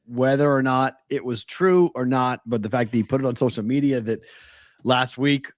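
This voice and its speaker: A man co-hosting a sports talk show, chatting casually and upbeat, repeating words when excited. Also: mid-range voice, normal speed, no echo, studio quality. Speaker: co-host.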